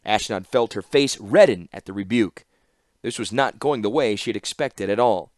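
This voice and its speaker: A man narrating an audiobook in an expressive storytelling style. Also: lowish voice, normal speed, dry recording, studio quality. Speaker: audiobook reader.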